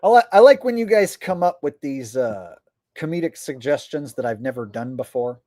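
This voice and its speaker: A man's voice: mid-range voice, lively intonation, moderate pace, a little mellow, no room sound. A man streaming on YouTube, chatting casually to his viewers, rambling with frequent "uh" fillers.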